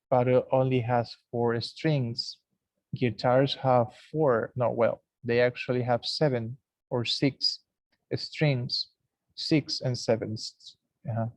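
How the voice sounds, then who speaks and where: A man teaching English, explaining slowly and repeating example words aloud. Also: mid-range voice, a little mellow, no echo. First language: Spanish. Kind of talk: classroom lesson recording.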